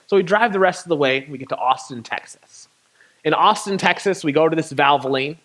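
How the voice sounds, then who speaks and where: A young man from Michigan, a touring poet, telling a lively story to an audience and acting out the dialogue. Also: on the high side, brisk. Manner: animated, acts out dialogue with laughter. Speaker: touring poet and guest speaker. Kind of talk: storytelling talk.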